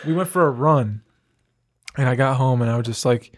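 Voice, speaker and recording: A man chatting casually on a podcast, telling animated stories, acting out quotes, swearing and laughing often. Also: medium pitch, normal speed, no room sound, clean studio sound. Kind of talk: casual chat.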